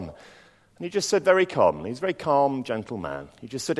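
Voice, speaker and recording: A man preaching a sermon. He reads scripture slowly, then tells personal stories with dry asides. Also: medium pitch, big pitch swings, darkish tone, in a large hall.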